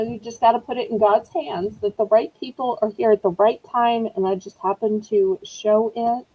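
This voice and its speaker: A woman's voice: a little high, dark tone, slightly rough, low-quality recording. A middle-aged woman hosting a live online auction, chatting in a rambling, apologetic way. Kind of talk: live-stream selling chat.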